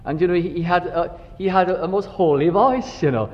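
An older man preaching a reflective sermon, drifting into gentle stories. His voice sits fairly high for a man. The recording is dull and carries a long hall reverb. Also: brisk. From Wales. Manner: reflective, storytelling, warm asides.

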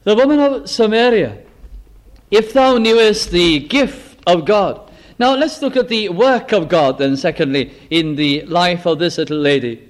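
High-voiced preacher delivering a sermon. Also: male voice. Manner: quotes scripture in old English, voice drops low and soft for emotional asides.

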